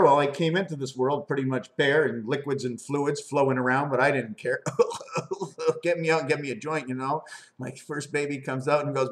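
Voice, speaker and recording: A man in a rambling monologue, riffing on words and spelling out letters in an animated, sing-song way. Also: mid-range voice, moderate pace. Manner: free-associating wordplay, spelling out letters.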